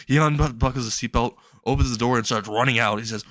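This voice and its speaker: A man's voice: medium pitch, fairly even intonation, quick pace, a bit bright, no echo, clean studio sound. Young man rambling through a goofy story. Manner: rambling, laughing at own jokes. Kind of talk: improvised comedic fan story narration.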